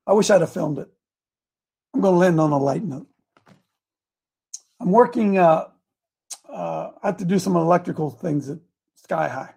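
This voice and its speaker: A man hosting an online group talks through a long, rambling story and keeps restarting his sentences. His voice is high for a man, with a gravelly and husky edge. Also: warm tone. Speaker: host.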